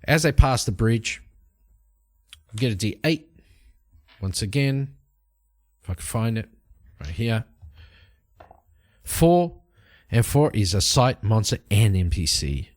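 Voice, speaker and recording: A man's voice: on the low side, very animated, takes it slowly, long pauses. A man hosting a solo tabletop game, narrating the story and musing aloud as he checks tables and rolls dice. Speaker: host and solo game player.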